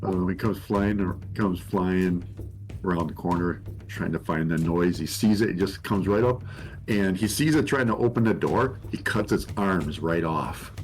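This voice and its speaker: Deep-voiced hesitant male player. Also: unhurried, faint music behind. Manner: hesitant, with frequent ums. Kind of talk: tabletop game play.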